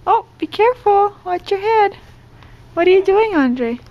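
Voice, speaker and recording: A woman's voice: very high voice, expressive, measured pace, muffled recording, a little hiss or hum. A mother talking patiently in baby talk, prompting her toddler to copy animal sounds. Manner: sing-song, patient prompting.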